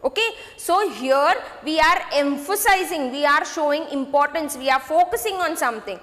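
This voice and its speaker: A woman teaching a grade six grammar lesson, repeating points slowly and checking in with students. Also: high voice, a bit bright, in a large hall. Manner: slow, repetitive, addresses students with "okay?" checks.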